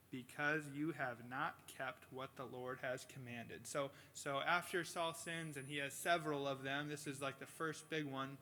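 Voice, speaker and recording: A male pastor giving a casual sermon, reading scripture and telling stories with animated impressions. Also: fairly high pitch, slight background noise. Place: church sanctuary.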